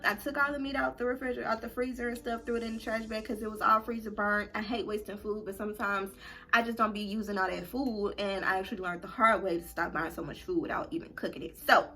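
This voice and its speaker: A young adult woman vlogger telling a story to her viewers in a casual, animated and dramatic way. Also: fairly high pitch.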